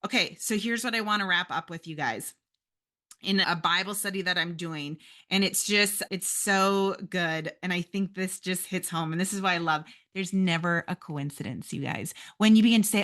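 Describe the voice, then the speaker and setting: A woman's voice: on the low side, moderate pace, fairly bright tone. A woman hosting a podcast, giving an earnest, encouraging faith-based motivational talk straight to her listeners. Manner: earnest, encouraging, addresses listeners as you guys. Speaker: podcast host.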